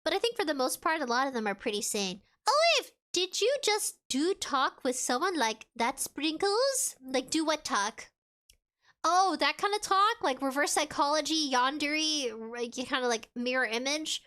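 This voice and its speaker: A woman VTuber chatting casually on a live stream, rambling and filling pauses with "like" and "you know". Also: sits high, expressive, sharp tone. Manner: chatty and rambling, with frequent fillers.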